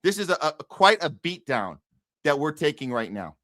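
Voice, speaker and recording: A man's voice: a little high, big pitch swings, normal speed, fairly bright tone, dry recording. Fired-up guy ranting on his news podcast, swears a lot, sarcastic, dry close sound. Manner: heated, profane, sarcastic, repeats himself. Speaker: podcast host. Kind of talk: ranting political commentary.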